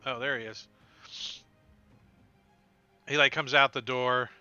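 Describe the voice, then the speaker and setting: A man running a tabletop game as game master, acting out sound effects and shouted lines. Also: medium pitch, steady tone, takes it slowly, smooth, dry recording, dull audio, soft background music.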